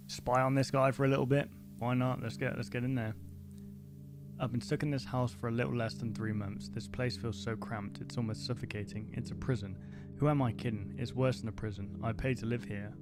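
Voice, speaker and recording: A man on a live stream, reading a story's text aloud in a low voice and breaking off into casual asides. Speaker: streamer reacting to a horror series.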